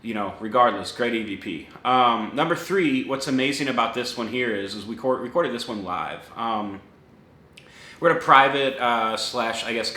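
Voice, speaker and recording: Rambling man in an echoey room. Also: fairly low pitch. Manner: relaxed, rambling with many fillers. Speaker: paranormal investigator presenting recordings. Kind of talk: casual talk to camera. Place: home room with a dog nearby. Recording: echoey room, faint noise.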